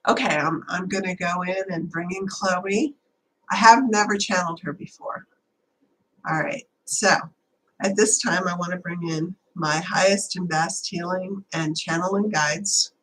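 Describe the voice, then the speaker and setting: A woman's voice: fairly low pitch, steady tone, measured pace, a bit bright, a little hiss or hum, rough recording. A woman hosting a live stream, chatting casually in a rambling way before leading a channeling prayer. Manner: rambling, chatty, many fillers.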